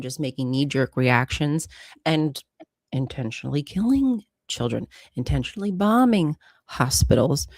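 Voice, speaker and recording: A woman co-hosting a podcast, chatting casually about the news and rising in pitch and volume when she stresses a point. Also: no room sound, clean studio sound. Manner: animated, swings up in pitch and loudness for emphasis. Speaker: podcast co-host. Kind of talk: casual political chat.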